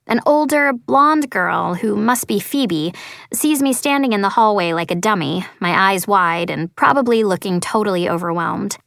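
A woman's voice: medium pitch, animated, moderate pace, vocal fry, a bit bright, dry recording, studio quality. A woman reading a first-person story as an audiobook narrator, earnest and lightly voicing the dialogue.

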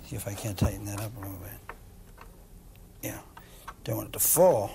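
A man's voice: fairly low pitch, moderate pace, creaky, heavy background noise. Friendly, chuckling music shop man. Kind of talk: friendly conversation on a children's show.

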